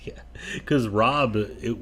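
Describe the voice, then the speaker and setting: A man's voice: lowish voice, a bit bright. A young man bantering and teasing his friends in a casual podcast chat. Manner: teasing, joking, quick banter. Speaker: podcast co-host.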